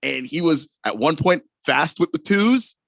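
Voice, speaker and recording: A man's voice: a little high, animated, a little slow, gravelly, fairly bright tone, no room sound. A man co-hosting a sports radio show, arguing his points insistently in casual banter. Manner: argumentative, insistent. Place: radio studio.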